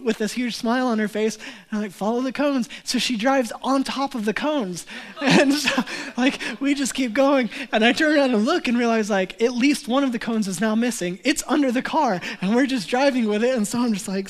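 A young male pastor preaching a sermon, telling a story with animated, acted-out quotes. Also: very high voice, a little fast.

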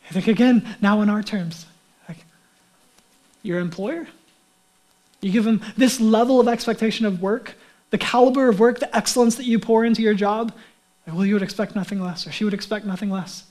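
A pastor preaches in a casual, conversational sermon. The man has a high voice and slips into the voices of the people he quotes. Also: fairly quick, darkish tone.

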